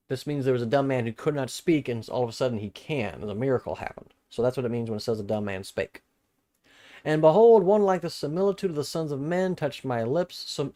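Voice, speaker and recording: A man's voice: medium pitch, mellow. A man hosting a live-streamed Bible study, reading verses aloud and then commenting on them casually, rereading and repeating phrases as he thinks them through. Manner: casual, plain-spoken asides between formal scripture reading.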